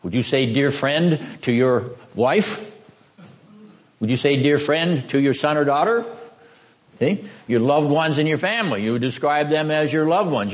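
Throat-clearing male lecturer questioning a class. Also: mid-range voice. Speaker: seminary lecturer. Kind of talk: classroom lecture on Greek scripture. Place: classroom with students. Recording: dull lo-fi classroom recording.

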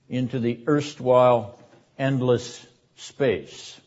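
An older man lectures slowly and deliberately in a classroom, his voice at an ordinary middle pitch. The recording is dull and lo-fi, flattening the top end. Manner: measured, deliberate delivery, rising in force for quoted verses. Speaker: seminary lecturer.

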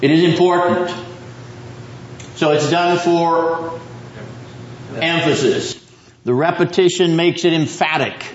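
A man's voice: fairly high pitch, slow, long pauses, muffled recording, slight background noise. A man teaching a seminary class on the Bible, quizzing his students and driving points home by repeating them.

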